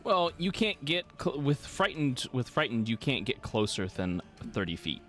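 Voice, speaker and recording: Male dungeon master, lively pitch, patient rules explainer, faint music behind. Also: normal speed. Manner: rules-focused, explanatory, laughs easily. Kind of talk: running a live tabletop game.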